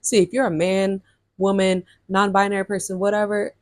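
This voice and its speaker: A woman's voice: medium pitch, moderate pace, dry recording, clean studio sound. A woman in her early twenties telling a storytime to her viewers, chatty and full of fillers. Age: 20s. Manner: chatty, lots of fillers, animated retelling. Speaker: vlogger. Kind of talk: casual storytime chat.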